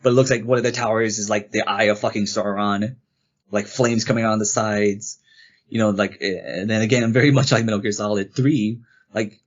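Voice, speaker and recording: Guy co-hosting a game podcast, kinda low voice, rambly retelling, muffled sound. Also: moderate pace. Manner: rambling, animated retelling with quoted character lines. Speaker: podcast co-host. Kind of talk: casual game review chat.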